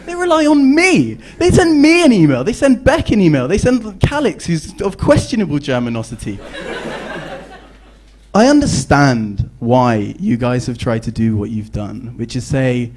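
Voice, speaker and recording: A man's voice: fairly high pitch, big pitch swings, moderate pace, darkish tone. A young man with a British accent giving a competitive debate speech, joking and playful, often ending points with tag questions.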